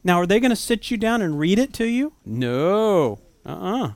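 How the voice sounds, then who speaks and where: A man preaching an earnest sermon in a smooth, clear voice that sits a little high for a man. He keeps it conversational and puts rhetorical questions to his listeners. The sound is close and dry, with no room around it. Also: big pitch swings, normal speed, darkish tone, dry recording.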